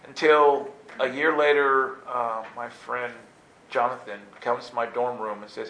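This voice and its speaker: A man telling a funny personal story in an animated way, jumping into high squeaky voices to act out his younger self. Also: unhurried, a little hiss or hum. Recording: roomy echo, faint ambience.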